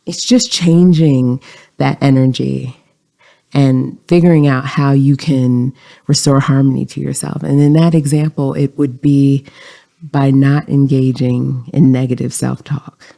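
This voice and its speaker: Podcast host, mellow and a bit gravelly, calm coaching delivery. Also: medium pitch, measured pace. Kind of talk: self-help podcast talk.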